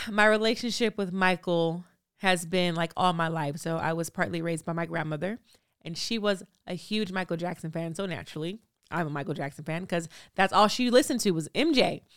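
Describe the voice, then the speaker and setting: A woman's voice: lowish voice, normal speed, smooth, no room sound, clean studio sound. A woman in her thirties from Los Angeles hosting a podcast solo, telling stories in a chatty, filler-filled way. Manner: chatty, storytelling, many fillers. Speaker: podcast host.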